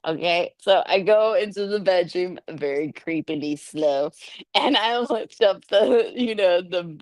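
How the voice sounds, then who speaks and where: Animated woman telling a funny story. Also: fairly low pitch, measured pace, dry recording. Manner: animated, laughing, acts out quotes. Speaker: podcast guest. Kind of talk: casual storytelling chat.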